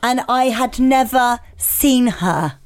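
A woman's voice: a little high, takes it slowly. Cheeky woman co-hosting a podcast. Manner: cheeky, blunt, swears freely. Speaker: podcast co-host. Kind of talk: casual chat reading listener emails.

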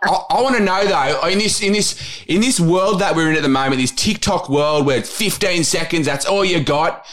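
A man co-hosting a podcast, reacting excitably and asking a guest questions in casual chat. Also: on the high side, moderate pace, few pauses. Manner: excitable, gasping and laughing reactions. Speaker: podcast co-host.

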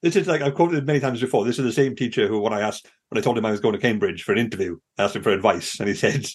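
A man's voice: fairly low pitch, racing, breathy edge. A British man co-hosting a podcast, telling rambling stories in casual chat and laughing often. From Britain. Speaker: podcast co-host.

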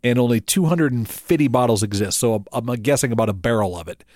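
A man's voice: medium pitch, fairly quick, darkish tone, dry recording, studio quality. A man co-hosting a casual podcast chat. He laughs often and trails off with fillers. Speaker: podcast co-host.

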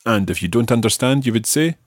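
A man's voice: mid-range voice, lively intonation, fast talker, no echo, studio quality. A man teaching a language lesson on a podcast, patiently prompting his learner with questions.

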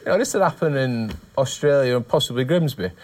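A man from the north of England chats casually as a guest. He tells self-mocking anecdotes in a middle-pitched voice and laughs often as he talks. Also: expressive, quick pace, darkish tone. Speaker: guest, former cricketer. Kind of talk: casual chat.

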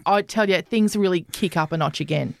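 A woman's voice: on the low side, brisk, gravelly, no echo, clean studio sound. A woman in her forties co-hosting a podcast, chatting frankly and laughing a lot. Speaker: podcast co-host. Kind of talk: casual chat.

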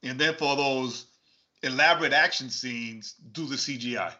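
A man co-hosting a podcast in casual chat, telling stories in an animated, exclaiming way and laughing often. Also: medium pitch, moderate pace. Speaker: podcast co-host. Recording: dull, lo-fi podcast audio.

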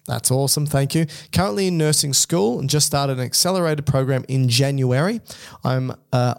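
A man's voice: on the high side, moderate pace, vocal fry. A man co-hosting a podcast, reading listener emails in casual, joking chat and explaining things step by step. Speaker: podcast co-host.

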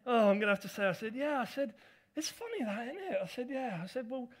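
Middle-aged pastor, high-pitched, casual and self-deprecating as he tells a story from the pulpit. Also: lively intonation, quick pace. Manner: chatty, self-deprecating storytelling with audience asides. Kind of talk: sermon with personal story.

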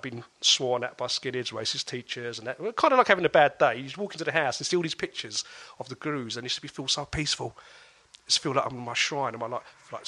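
A man, a guest telling a personal story in an animated way, often restarting his sentences. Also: mid-range voice, breathy edge. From England.

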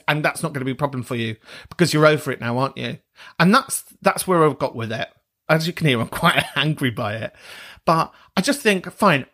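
Sweary animated British man ranting. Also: fairly high pitch. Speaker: podcast host. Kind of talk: casual monologue.

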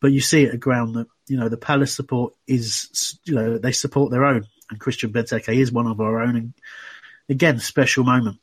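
A man's voice: medium pitch, steady tone, fairly quick, breathy edge, no room sound. A man hosting a casual fan podcast, chatty and full of restarts. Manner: chatty, many restarts and "you know"s. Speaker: podcast host.

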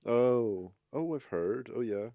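A man co-hosting a podcast, chiming in with quick, playful reactions in casual chat. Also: medium pitch, lively intonation, dark tone, dry recording, muffled recording. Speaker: podcast co-host.

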